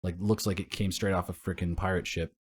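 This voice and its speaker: A man's voice: deep voice, flat delivery, a little fast, slightly rough. A young man co-hosting a casual podcast, telling rambling stories full of swearing and laughter. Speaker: podcast co-host.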